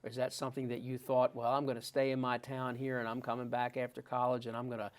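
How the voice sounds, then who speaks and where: A man's voice: medium pitch, completely flat delivery, quick pace. A man hosting a local TV interview show and asking friendly, conversational questions. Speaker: TV host.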